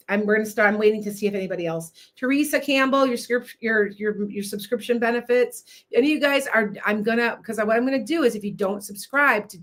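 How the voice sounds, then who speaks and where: An older woman hosting a live stream, chatting in a rambling, self-interrupting way. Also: medium pitch. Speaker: livestream host. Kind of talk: casual live-stream chat.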